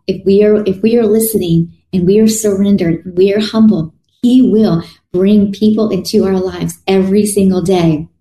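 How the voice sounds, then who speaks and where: Lady preaching, earnest and chatty, mellow voice, roomy echo. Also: mid-range voice. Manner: earnest, conversational preaching with restarts. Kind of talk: sermon. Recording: echoey room.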